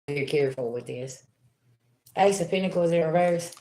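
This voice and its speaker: A woman with a lowish voice reads tarot cards live for her viewers. Her delivery is loose and chatty, and she speaks right to the audience. The sound is roomy and echoey, with faint noise behind her. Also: moderate pace. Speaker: tarot reader. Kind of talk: live-streamed tarot reading.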